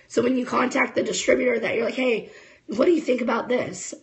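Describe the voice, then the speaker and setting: A woman in her thirties talking to camera with a chatty, fired-up energy, calling her viewers "guys." Her voice sits a bit high with a gravelly, fry-laden texture. She sounds like a casual motivational pep talk. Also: brisk, low-quality recording. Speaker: network marketing distributor.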